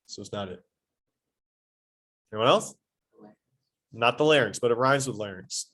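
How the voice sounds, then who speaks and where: A man teaching a high school anatomy lesson in a classroom, quizzing his students and adding playful asides. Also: unhurried, a bit bright. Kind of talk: classroom lecture.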